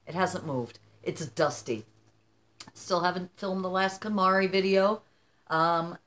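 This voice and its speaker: A woman in her fifties chatting casually to her viewers at home, animated and talkative, often calling them "you guys". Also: fairly low pitch. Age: 50s. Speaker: vlogger. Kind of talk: casual chat to camera.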